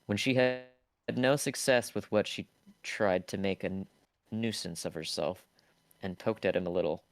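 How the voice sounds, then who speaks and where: A man's voice: low-pitched, moderate pace, dry recording. A man streaming live, reading a novel aloud in a casual way, stumbling over words now and then.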